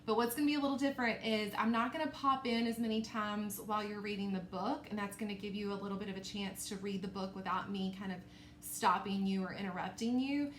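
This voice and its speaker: A woman teacher leading a recorded phonics lesson for young children, stretching out words slowly and checking in with frequent okays. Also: mid-range voice, steady tone. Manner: slow, exaggerated sounding-out of words. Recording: echoey room with faint noise.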